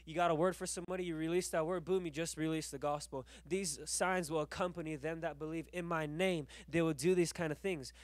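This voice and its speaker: A man's voice: fairly high pitch, steady tone, brisk, hardly any pauses. A man preaching in a church class, telling a testimony and building to fervent exhortation with repeated phrases. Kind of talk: sermon with testimony.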